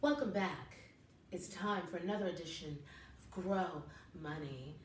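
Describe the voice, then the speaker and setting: A young adult woman hosting a comedic talk show, animated and playful, laughing often as she chats. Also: lowish voice, a little slow, slight background noise. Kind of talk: comedic casual chat. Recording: echoey room, voices picked up from a distance.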